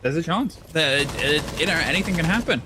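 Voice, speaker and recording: A man's voice: fairly high pitch, expressive, fairly quick, noisy background. A man casting an esports match, rambling and self-deprecating between plays. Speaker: esports caster. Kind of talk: play-by-play commentary.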